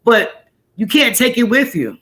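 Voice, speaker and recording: A middle-aged woman with a New York accent, hosting a casual live-stream chat in an animated, repetitive, streetwise way. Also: fairly high pitch, a little slow. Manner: animated, repeats herself, streetwise phrasing.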